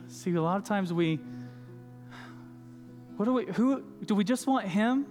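A man with a high voice delivers a sermon in a conversational way, with fillers and asides to the crowd. His voice carries a roomy hall reverb, and faint music sits underneath. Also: expressive, a little slow, pauses often, darkish tone. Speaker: pastor. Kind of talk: sermon with storytelling.

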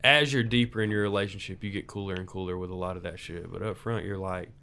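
Low fast-talking blunt man. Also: steady tone, gravelly, pushed and bright, smooth. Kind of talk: casual podcast discussion.

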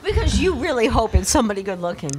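A woman's voice: a little high, big pitch swings, fast, crowd noise. A woman guest on a podcast, telling frank stories in casual chat, swearing freely and laughing along. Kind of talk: casual storytelling.

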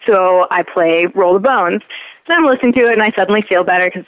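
A woman's voice: medium pitch, fast, dry recording. A woman guest on a podcast, telling stories in a wry, laid-back way, heard over a lo-fi remote call. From South Africa and Canada. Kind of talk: casual interview chat.

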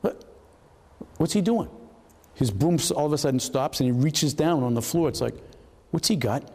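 An older man tells stories to an audience, his voice mellow and dark. He is animated and slips into the voices of the people he describes. The sound carries the long reverb of a hall. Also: medium pitch, a little fast. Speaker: retired FBI agent telling stories. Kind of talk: anecdotal storytelling to an audience. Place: hall at a historical society talk.

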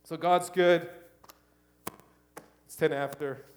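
A middle-aged man preaching a sermon, switching between loud exhortation and quiet, hushed asides. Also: a little high, fairly even intonation, takes it slowly. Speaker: pastor.

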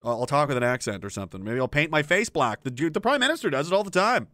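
A man's voice: a little high, animated, quick pace, pushed and bright, no echo, clean studio sound. Sarcastic ranting man. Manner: sarcastic, swearing, exasperated. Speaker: political commentator. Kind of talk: ranting commentary.

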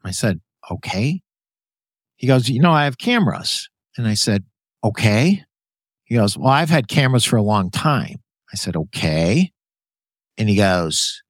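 A man's voice: lowish voice, measured pace, long pauses, no room sound. Jokey podcast host man, dry sound. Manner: animated, jokey, laughs often, calls guest "brother". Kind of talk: casual interview chat.

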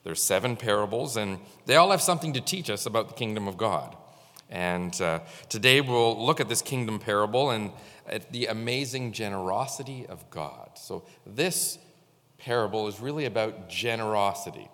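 A pastor giving a Sunday sermon in a halting, conversational way, pausing often on fillers. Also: male voice, on the low side, animated, a bit bright, big-room sound.

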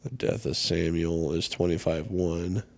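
A man's voice: sits low, fairly even intonation, unhurried, gravelly, dry recording. A man co-hosting a casual faith podcast, chatty and reading scripture aloud plainly. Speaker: podcast co-host.

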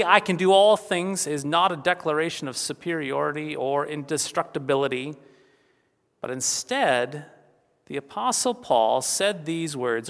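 A pastor giving a funeral sermon, earnest and steady, returning to key phrases again and again for emphasis. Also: male voice, fairly high pitch, in a large hall.

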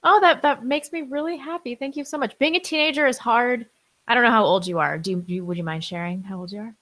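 A woman's voice: a little high, fast, fairly bright tone. A young woman co-hosting a call-in show, chatty and encouraging toward callers. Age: young adult. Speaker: co-host. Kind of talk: casual call-in show chat.

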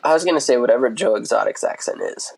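A man with a gravelly, husky voice, co-hosting a podcast. He teases his partner in a mock-serious tone and laughs often at his own lines. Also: mid-range voice, animated, quick pace, a little mellow. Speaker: podcast co-host. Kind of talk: casual podcast banter.

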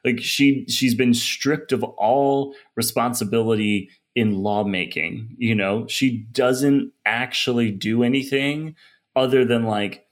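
A man's voice: mid-range voice, steady tone, slow. A man in a casual political podcast chat, sarcastic and rambling with lots of fillers. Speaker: podcast panelist.

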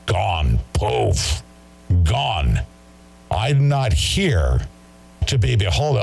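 A man's voice: fairly low pitch, huge pitch swings, slow, creaky, long pauses, a little mellow. A man hosting a talk show, ranting in an agitated way and mocking his critics. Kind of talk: heated monologue.

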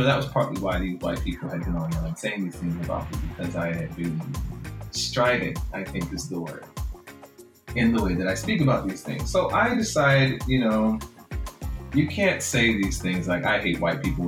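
A man with a Jamaican accent, a book author talking frankly and reflectively in an interview, often laughing. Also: fairly low pitch. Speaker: author guest. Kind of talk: interview conversation. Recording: roomy room with faint music.

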